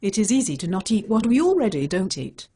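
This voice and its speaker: A blunt, stubborn female cat superhero from an animated short, spoken by a computer voice. She has a slightly husky, mid-height voice that jumps around in pitch. She speaks in short, flat statements. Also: brisk. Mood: conceding. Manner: plain, blunt, defensive. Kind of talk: synthetic animated dialogue.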